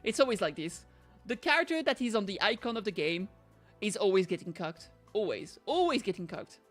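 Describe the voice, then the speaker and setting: A young woman streaming a game, chatting excitably, giggling and swearing freely. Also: mid-range voice, fairly quick, faint music behind. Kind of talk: casual gameplay commentary.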